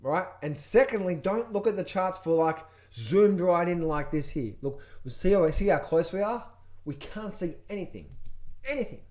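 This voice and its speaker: With a voice that sits high, darkish in tone, lively in intonation and moderate in pace, a man coaches traders through chart walkthroughs aimed straight at viewers. He is energetic and repetitive, sometimes mimicking traders in a panic.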